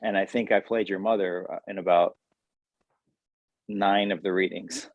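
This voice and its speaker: A man's voice: low voice, steady tone, normal speed, no echo, narrow, tinny audio. Wry New Jersey man, dry sound. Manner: wry, joking, rambling. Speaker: actor, guest. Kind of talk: casual interview.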